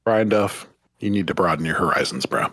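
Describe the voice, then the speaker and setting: A man's voice: deep voice, lively intonation, fairly quick, fairly bright tone, husky, dry recording, clean studio sound. A man in his forties, a podcast guest, chatting casually and swearing freely. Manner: laid-back, profane. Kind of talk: casual chat.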